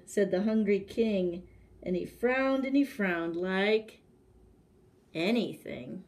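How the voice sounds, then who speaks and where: A woman librarian reading a picture book aloud to children in a gentle, animated storytelling manner. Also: mid-range voice, slow pace.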